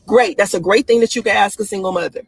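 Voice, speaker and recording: A woman talking casually on a live stream, excitable and laughing often, her voice swooping up high. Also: fast, husky. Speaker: live-stream host giving dating opinions.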